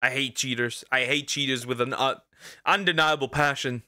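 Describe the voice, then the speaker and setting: Blunt man with a bright voice. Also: mid-range voice, fairly even intonation, normal speed. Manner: blunt, profane. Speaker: streamer reacting to a video. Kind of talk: casual reaction commentary.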